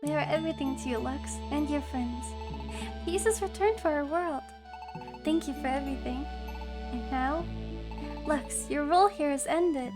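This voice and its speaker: A woman reading game dialogue aloud, voicing a calm, solemn guardian creature who speaks in a formal, measured way. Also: high voice, music in the background, natural voice.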